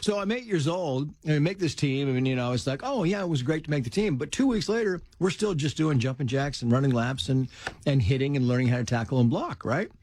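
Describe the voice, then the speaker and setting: A middle-aged man telling stories from his life in casual conversation, animated and quick to act out what people said. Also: on the high side. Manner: animated storyteller who acts out quotes in a raised voice.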